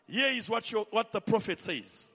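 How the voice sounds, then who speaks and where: A man preaching an impassioned sermon, sing-song and swelling to shouts, calling for amens. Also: high-pitched, expressive, normal speed, slightly rough, in a large hall.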